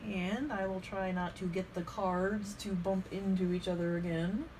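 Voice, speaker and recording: A woman vlogging casually as she swatches inks, chatting and thinking out loud with frequent fillers as she works. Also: mid-range voice, level tone, a little slow, slight background noise. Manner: talks to herself while working with her hands. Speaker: fountain pen ink vlogger.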